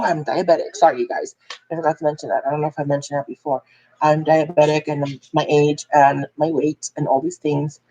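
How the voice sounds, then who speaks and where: A woman's voice: sits low, a little mellow, dull audio. A woman vlogger telling a personal story in a candid, rambling way, full of fillers and restarts.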